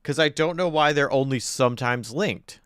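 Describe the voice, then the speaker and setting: A man's voice: medium pitch, normal speed, a bit bright, clean tone, dry recording, clean studio sound. A man live-streaming from home, thinking aloud in casual chat while he fiddles with his desk microphone settings and gets frustrated.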